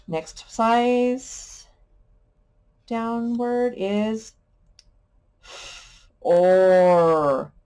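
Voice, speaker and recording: A woman's voice: on the high side, darkish tone. A woman teacher giving a sight word lesson to young children, patient and playful, sounding out letters and adding little sound effects.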